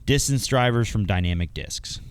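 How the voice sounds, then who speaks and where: A man's voice: fairly low pitch, animated, normal speed, smooth. A man hosting a podcast trivia game, explaining rules casually with fillers and laughs. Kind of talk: casual chat.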